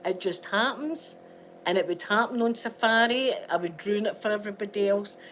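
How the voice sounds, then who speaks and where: A woman's voice: medium pitch, moderate pace, fairly bright tone, slight background noise, rough recording. Chatty Scottish woman telling rambling stories. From Scotland. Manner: chatty, storytelling, laughs often. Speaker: vlogger. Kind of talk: casual rambling chat to viewers. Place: at home by a window.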